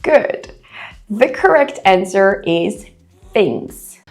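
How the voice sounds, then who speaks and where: A woman reading out a listening quiz for English learners, careful and deliberate. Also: a little high, big pitch swings, music in the background. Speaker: English teacher. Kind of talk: slow, clear quiz narration for learners.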